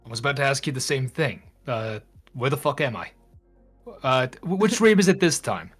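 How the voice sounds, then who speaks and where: A man's voice: medium pitch, lively intonation, normal speed, a bit bright, soft background music. A man playing a tabletop game in character, talking hesitantly with lots of fillers and restarts. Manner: hesitant, many fillers and stammers. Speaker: player.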